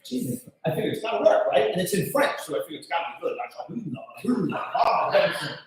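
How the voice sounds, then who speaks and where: A man doing a stand-up set, telling stories loudly with shouted punchlines and mimicked voices. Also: on the high side, sing-song, racing. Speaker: stand-up comedian. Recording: echoey, distant live recording.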